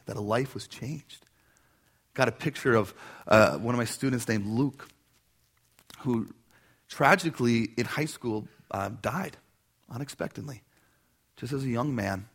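A man preaching a sermon as a pastor, telling a personal story in an animated way and acting out the voices he quotes. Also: mid-range voice, creaky, husky.

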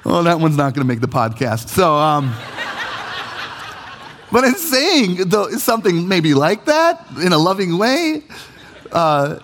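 A man delivering a sermon with a slightly raised voice. He talks to the congregation in a chatty, lively way and drops jokey asides. He keeps pushing questions back at the room. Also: a little high, unhurried, slight background noise. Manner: animated, conversational, jokey asides. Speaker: pastor.

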